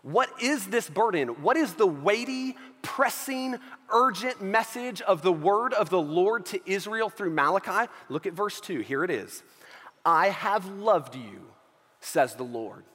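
A man's voice: high-pitched, expressive, a little slow, a bit bright, long reverb tail. A man preaching a sermon as pastor of his church, emphatic and repeating key phrases, often checking in with his listeners.

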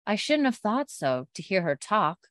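A woman reading out the lines of a shrewd elderly Highland matriarch, using old Scots words like ken and bairn. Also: very animated, normal speed, fairly bright tone, no echo, clean studio sound. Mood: scheming.

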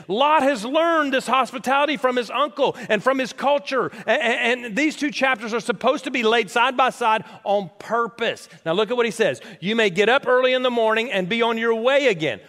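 Animated high-voiced preacher in reverberant hall. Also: male voice, moderate pace, hardly any pauses. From United States. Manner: animated, questions the congregation. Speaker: pastor. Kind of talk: sermon.

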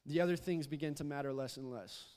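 A young man delivers a sermon in a fairly high voice, chatty and loose, stumbling over repeated words and coaxing the congregation to respond. His voice carries a long reverb tail from the church sanctuary. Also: quick pace, a little mellow, clear, resonant tone. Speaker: youth pastor.

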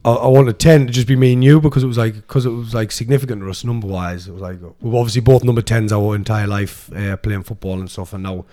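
A man's voice: fairly low pitch, steady tone, quick pace, hardly any pauses, mellow. A man co-hosting a podcast, chatting casually, rambling, swearing and laughing often. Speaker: podcast co-host. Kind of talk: casual chat.

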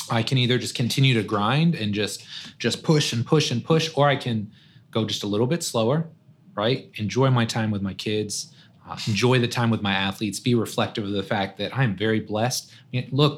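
A man's voice: mid-range voice, a bit bright, a little hiss or hum. A man, a guest on a podcast, talking in a casual, conversational way and often tossing in "man" and "right?". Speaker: guest, strength coach.

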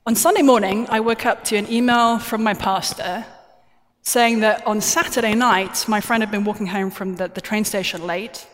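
A woman's voice: mid-range voice, steady tone, moderate pace. A woman giving a plenary talk at a conference, chatty, jokey and self-deprecating. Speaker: conference speaker. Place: large conference hall. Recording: roomy hall reverb from a stage mic.

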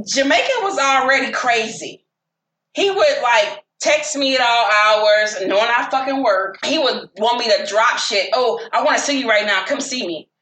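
A woman telling dating stories in casual chat, profane and animated. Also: a little high, reverberant, slight background noise.

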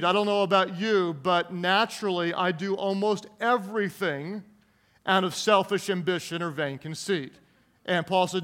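A man preaching a sermon who jokes with the congregation, calls for their responses and slows down to stress key words. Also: high-pitched, fairly bright tone. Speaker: pastor.

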